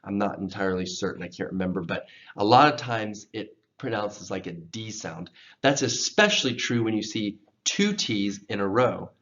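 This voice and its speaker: A patient male teacher runs a pronunciation lesson, saying each word slowly and then repeating it several times. His voice sits on the lower side, and the recording sounds slightly dull and lo-fi. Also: lively intonation, fairly bright tone. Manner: patient, drills words slowly and repeats them.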